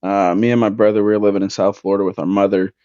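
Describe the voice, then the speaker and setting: A young man in his twenties, co-hosting a podcast and telling a story in a loose, profane, animated way. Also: fairly low pitch, rapid-fire, dry recording. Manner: animated, profane, swings his voice up when excited. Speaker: podcast co-host. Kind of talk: casual storytelling. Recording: dull, dry lo-fi sound.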